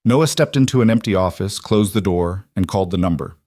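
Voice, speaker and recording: A man giving scripted narration of a thriller story in an even, steady way. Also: deep voice, brisk, no room sound, studio quality.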